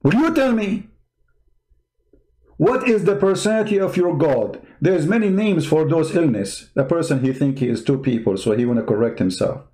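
A man's voice: a little high, lively intonation, normal speed, mellow. A man giving mocking, emphatic commentary on video clips as a show host.

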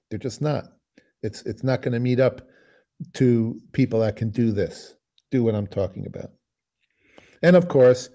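A man teaching a music masterclass, musing aloud and singing phrases to explain them. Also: medium pitch. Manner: musing, sings phrases, trails off quietly. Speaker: bassoon teacher giving a masterclass.

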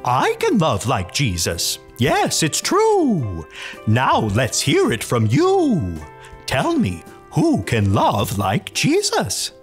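A friendly owl puppet voiced by a performer for a children's church show. It speaks in slow, gentle rhymes and hoots softly. The pitch swings all over the place, and faint children's music plays underneath. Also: huge pitch swings. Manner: slow, gentle rhyming delivery.

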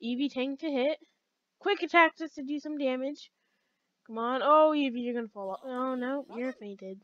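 A woman giving chatty, excitable commentary while playing a game, talking back to it as she goes. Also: high-pitched, moderate pace, no echo, lo-fi sound. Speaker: let's play gamer.

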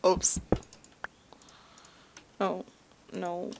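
A woman's voice: on the low side, completely flat delivery, drawn-out words, creaky, darkish tone, a little hiss or hum. A young woman in her college years chatting and rambling to herself while hosting casual gameplay commentary. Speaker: gaming video host.

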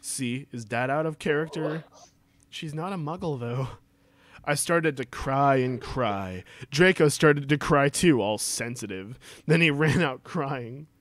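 A man's voice: medium pitch, animated, unhurried, dry recording. A man reading a story aloud for laughs, breaking off for mocking asides and laughing a lot. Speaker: reader. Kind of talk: comedic dramatic reading with asides.

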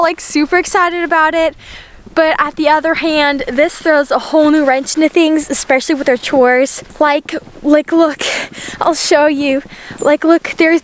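Filming with a handheld camera, a woman vlogs outside in the snow on her homestead. Her voice is high-pitched with slight background noise, and her casual narration is bubbly and exclamatory, full of frequent laughter.

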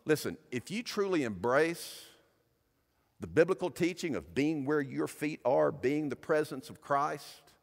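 A man preaching a sermon as pastor, emphatic, building up and dropping back in loudness. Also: mid-range voice. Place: church sanctuary. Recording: long church-hall reverb.

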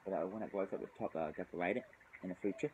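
A British man, tipsy and shivering outdoors in the cold, rambles and swears through a casual drinking vlog, sighing often. His voice sits low and he talks at a racing pace, with dull audio and a noisy background.

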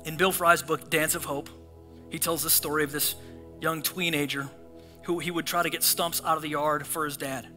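A male pastor preaching a sermon in a church auditorium, animated and acting out the voices of the people in his stories. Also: fairly high pitch, moderate pace, soft background music. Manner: animated, acts out voices in scripture and prayers.

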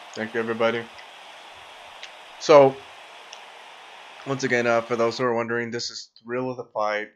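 A man's voice: mid-range voice, a little hiss or hum, rough recording. A man casually chatting as he plays a VR boxing game and eats pizza, easygoing and full of fillers. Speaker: gaming vlogger. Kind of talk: casual commentary over VR boxing.

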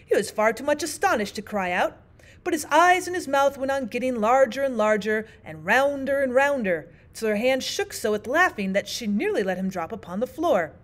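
A woman teacher reading a classic children's book aloud with expressive storytelling. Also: a little high, normal speed. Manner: expressive, sing-song storytelling. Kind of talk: audiobook narration.

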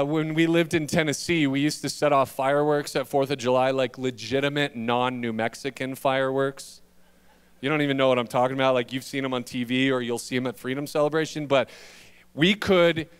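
A man's voice: fairly high pitch, smooth. A male pastor in his thirties preaching a sermon, telling self-deprecating stories about being a dad with humor. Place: church sanctuary.

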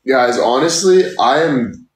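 Speaking slowly with lively intonation, this young man's mid-range voice is reverberant. He's in his twenties, streaming live, chatting loosely and thanking viewers for gifts while feeling worn out and sore.

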